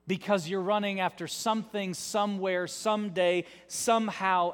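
A male pastor giving a sermon in an emphatic, repetitive style, dropping into soft tones for effect. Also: high voice, animated, a little slow, hardly any pauses. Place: large church. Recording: long reverb of a large church.

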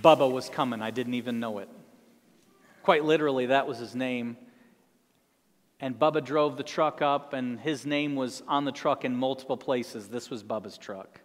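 A man's voice: medium pitch, moderate pace, big-room sound. A man preaching a sermon as a pastor, telling a story earnestly.

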